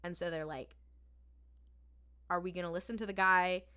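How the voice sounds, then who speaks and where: This co-host speaks in a smooth, fairly low voice at normal speed, casually recapping an episode for the podcast and acting out its lines with animated quotes.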